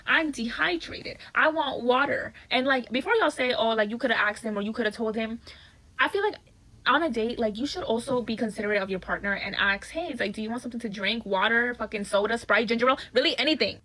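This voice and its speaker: Bright-voiced young woman telling a story. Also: on the high side, quick pace, low-quality recording. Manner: blunt, profane, exasperated retelling. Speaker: storyteller in a viral video. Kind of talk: casual storytime.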